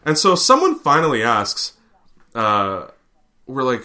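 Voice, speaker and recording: A man's voice: mid-range voice, slow pace. A man from Canada, telling rambling, profane stories on a casual podcast. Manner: animated, profane, rambling with fillers. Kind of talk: casual storytelling.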